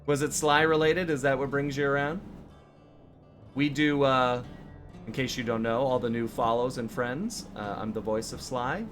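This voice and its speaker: A man's voice: medium pitch, steady tone, moderate pace, a bit bright, soft background music. A man hosting a casual gaming stream, chatting easily with friends and laughing often. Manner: laid-back, laughs often. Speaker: streamer and host. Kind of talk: casual chat while gaming.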